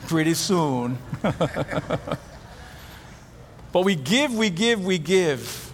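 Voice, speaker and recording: A man's voice: sits high, big pitch swings, very slow, in a large hall, slight background noise. A middle-aged man preaching a sermon as pastor, telling stories with animation and acting out the voices of the people he quotes.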